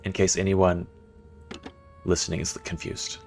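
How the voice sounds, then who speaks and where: A man with a deep, low voice talks casually through a game stream. He thinks out loud as he plays, answers comments from chat, and keeps a playful, chatty manner. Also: flat delivery, a little slow, faint music behind.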